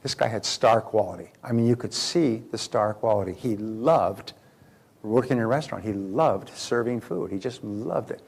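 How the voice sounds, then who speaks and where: Guy doing a motivational seminar, gravelly voice, asks the crowd stuff, keeps repeating his point. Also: lowish voice, moderate pace. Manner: anecdotal storytelling, repeats phrases for emphasis; addresses audience directly with questions. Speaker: seminar speaker. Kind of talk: live motivational seminar talk.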